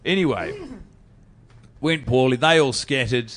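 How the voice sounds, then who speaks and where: A man's voice: mid-range voice, unhurried, fairly bright tone. A young adult man with a New Zealand accent, a podcast guest telling a story in rambling, self-deprecating casual chat. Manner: rambling, self-deprecating, restarts mid-sentence.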